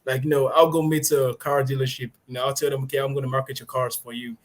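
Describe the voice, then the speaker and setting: A young man from Nigeria in his twenties is a guest in an interview. He talks in a casual, halting way with lots of fillers and breaks into laughter easily. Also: medium pitch, flat delivery. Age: 20s. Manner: hesitant, many fillers, laughs easily, deliberately adjusted way of speaking.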